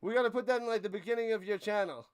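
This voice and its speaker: A young man with a high, smooth, clear voice calls a live football game on his stream at a very fast pace. Jokey and animated, he plugs a friend's channel and laughs as he stumbles over a player's name.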